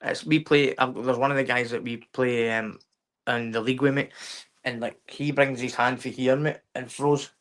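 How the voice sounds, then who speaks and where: Brief: male podcast guest, average pitch, halting and eager, "mate" after every phrase. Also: steady tone, a bit bright. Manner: says "mate" constantly, halting and enthusiastic. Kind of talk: casual chat. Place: remote podcast stream.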